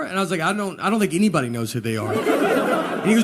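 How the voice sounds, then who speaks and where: Deadpan stand-up comedian, man. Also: a little high, fast talker. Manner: dry, deadpan storytelling. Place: live venue with audience laughter. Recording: noisy live show recording.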